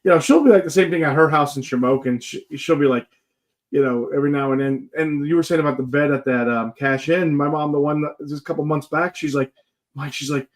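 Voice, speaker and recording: A man's voice: a little high, a little fast. Casual man, joking guest storyteller, rambling, filler-heavy chat. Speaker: guest paranormal investigator.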